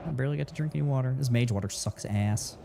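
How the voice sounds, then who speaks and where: A man's voice: mid-range voice, fast, creaky, heavy background noise. A man chatting casually while streaming a game, rambling and swearing freely, his throat dry. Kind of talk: casual gameplay commentary. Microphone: studio desk mic.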